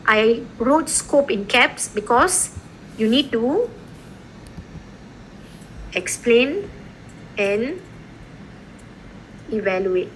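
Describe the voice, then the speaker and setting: A woman's voice: on the high side, extremely slow, long pauses, slight background noise, rough recording. A woman law lecturer teaching a class, explaining an assignment and often checking in with her students. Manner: lively, repeatedly checking in with "okay?" and "right?".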